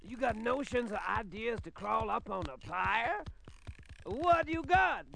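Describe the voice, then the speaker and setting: A man's voice: extremely high pitch, expressive, creaky, slight background noise, voice pushed up, heavily acted. A man voicing a mysterious voice on a line that fires off pushy rhyming questions. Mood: pushy, shouting. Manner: rapid rhyming interrogation, shouted.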